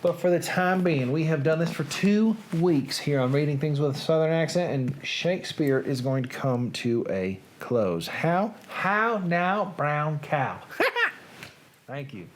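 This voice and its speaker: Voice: medium pitch, measured pace, a little mellow, a little hiss or hum. A host chatting casually on a live reading show, joking and reacting to viewers.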